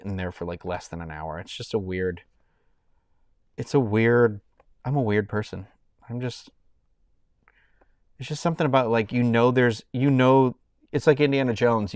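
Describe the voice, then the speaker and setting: A man's voice: on the low side, fairly quick, no room sound, clean studio sound. A man in his thirties chatting casually on a live stream, rambling and often breaking off mid-sentence as he thanks viewers. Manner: rambling, self-interrupting, thanking donors warmly.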